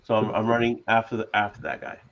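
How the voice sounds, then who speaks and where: A man's voice: lowish voice, fast. Male player from New England, eager, lo-fi sound. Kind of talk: casual tabletop play. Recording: dull lo-fi sound.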